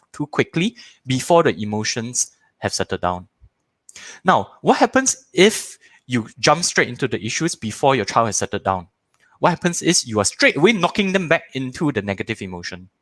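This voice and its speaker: In a dry recording, a medium-pitched man in his thirties with a Malaysian English accent runs a live online parenting workshop. He's animated, repeating words for emphasis and acting out little scenes in shifting voices.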